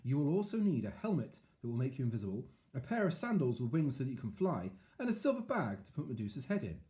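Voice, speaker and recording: A man voicing a calm old wise man giving advice in a storybook. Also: mid-range voice, quick pace, voice pushed up, lightly acted. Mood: advising.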